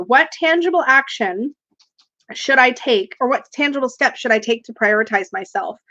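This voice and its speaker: A woman with a fairly high, fairly bright voice hosts a casual tarot livestream. Chatty and quick to laugh, she reads viewer comments aloud, and the livestream audio is dull and lo-fi.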